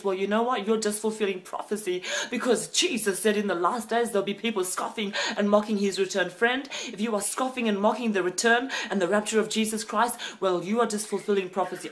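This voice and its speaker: A woman giving an impassioned prophetic message, fervent and emphatic, slowing down for solemn phrases and sometimes breaking into speaking in tongues. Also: medium pitch. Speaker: prophetic preacher.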